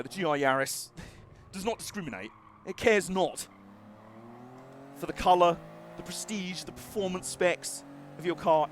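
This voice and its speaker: A man giving live racing gameplay commentary, excitable and jokey, laughing often and swearing now and then. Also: fairly high pitch, slight background noise. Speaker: game streamer.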